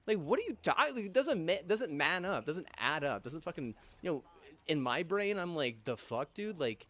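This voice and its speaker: Young adult male, slightly high-pitched, angry profane ranter who rambles and restarts. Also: very animated, a bit bright. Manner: angry, heavy swearing, halting restarts and fillers.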